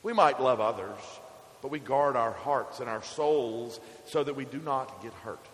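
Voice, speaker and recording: A male pastor delivers a sermon at a middle pitch, his voice lifting and dropping for emphasis. The recording carries a roomy echo with a long reverb tail from the church hall. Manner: measured preaching, rises and falls for emphasis.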